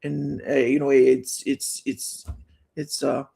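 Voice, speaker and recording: A woman's voice: extremely low pitch, flat delivery, slow, vocal fry, dark tone. A woman hosting a live psychic reading stream, chatting casually and joking, laughing often between lines. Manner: chatty, with frequent restarts.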